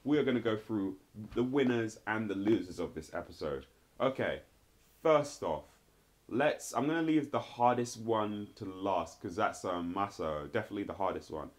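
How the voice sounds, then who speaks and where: A man with a rather low, animated voice talks at normal speed while casually reviewing a TV episode. His rambling commentary is packed with "like" and "sort of."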